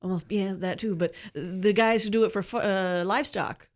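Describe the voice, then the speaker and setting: A woman's voice: medium pitch, steady tone, normal speed. A woman co-hosting a podcast, chatting casually in a playful, teasing way and swearing freely. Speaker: podcast co-host. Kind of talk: casual group chat.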